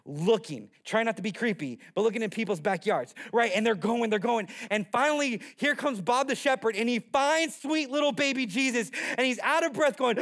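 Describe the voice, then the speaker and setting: High-voiced man preaching a sermon. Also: moderate pace, few pauses. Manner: animated storytelling with playful character voices. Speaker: pastor.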